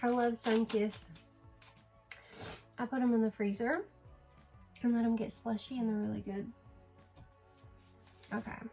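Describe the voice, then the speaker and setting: A woman's voice: fairly high pitch, a little mellow, low-quality recording. A woman filming a casual makeup tutorial at home, chatty and sleepy, yawning and apologizing as she talks. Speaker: beauty vlogger.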